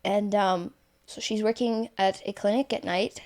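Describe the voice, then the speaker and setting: A woman's voice: mid-range voice, fairly even intonation, unhurried, a little mellow. A woman telling a story in casual conversation, rambling, with many fillers and self-corrections. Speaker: guest author.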